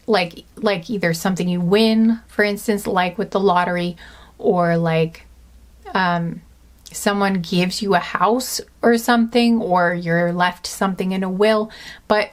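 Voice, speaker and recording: Chatty woman tarot reader, dry-throated. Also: mid-range voice. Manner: rambling, filler-heavy, laughs at her own slips. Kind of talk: casual pick-a-card tarot reading.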